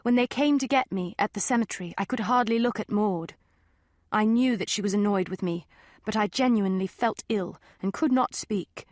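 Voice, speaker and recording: A woman's voice: medium pitch, normal speed, a little mellow, no echo, studio quality. A woman narrating an audiobook in the first person in a prim, well-spoken voice.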